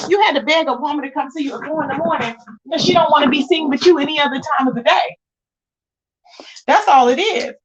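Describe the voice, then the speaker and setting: Sassy high-voiced woman livestreamer. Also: highs cut off. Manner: animated, sassy, addresses viewers as child and baby. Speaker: livestream host. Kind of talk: casual livestream commentary.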